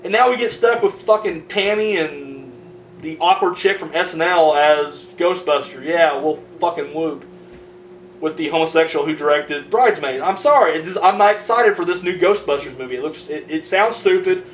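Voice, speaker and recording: A man with a slightly high voice talks at normal speed, hosting a horror news vlog full of ranting, swearing, and rambling casual commentary. The recording sounds roomy, with a distant mic and faint noise.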